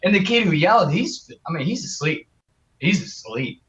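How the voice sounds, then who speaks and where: A young man with a fairly high, bright and forceful voice tells a story in an earnest, animated way. He stumbles over fillers and restarts as he goes. The audio is muffled and lo-fi. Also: moderate pace. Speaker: guest. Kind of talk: casual storytelling interview.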